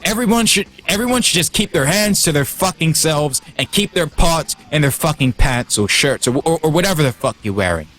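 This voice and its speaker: A man holds forth on his livestream, his fairly high voice leaping around as he gets heated. He swears freely and stumbles into restarts. Metal music plays faintly in the background. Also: expressive, brisk, hardly any pauses, a bit bright. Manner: heated and profane, restarts and stumbles when worked up. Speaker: livestream host. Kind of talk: casual livestream rant.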